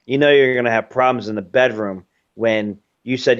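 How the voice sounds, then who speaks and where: A man's voice: medium pitch, steady tone, normal speed, clean tone, dull audio. A man ranting in casual commentary as host of his own show, profane and rambling with lots of fillers. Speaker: host of a webcast.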